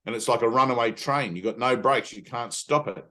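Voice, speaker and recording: Emphatic middle-aged male spiritual teacher, casual and blunt, mid-pitched voice. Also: fairly quick, bright, forceful tone. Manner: earnest, emphatic, swears casually; frequent "right?" tag questions. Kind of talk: satsang teaching talk.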